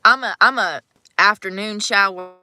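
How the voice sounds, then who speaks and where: A woman's voice: medium pitch, moderate pace, rough recording. A woman, chatting casually and rambling to her live-stream viewers. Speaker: livestream host. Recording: steady car road noise.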